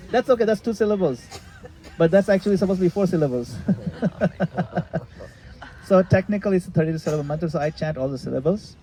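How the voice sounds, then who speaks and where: A man leading a retreat session, explaining a practice in a relaxed, casual way and sometimes laughing at his own jokes. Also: fairly high pitch, fast talker, poor audio. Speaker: retreat leader answering questions. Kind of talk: casual teaching in a group session. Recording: faint background noise.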